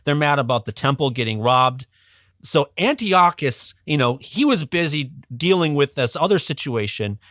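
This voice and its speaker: A man, a guest educator, telling a history story on a podcast in a casual, animated way, chuckling often and restarting his sentences. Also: fairly high pitch, moderate pace, no echo, clean studio sound.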